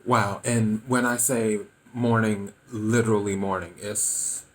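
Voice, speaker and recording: A man's voice: on the low side, slow pace, slight background noise, low-quality recording. A man hosting his own podcast, just woken up and giving casual, opinionated political commentary. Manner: relaxed, freshly woken, opinionated. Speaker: podcast host.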